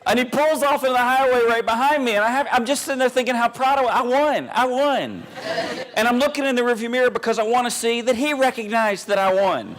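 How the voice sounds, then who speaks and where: A man telling a self-mocking comic story on stage, animated and full of pauses and restarts. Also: extremely high pitch, a crowd in the background. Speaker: humorous keynote speaker.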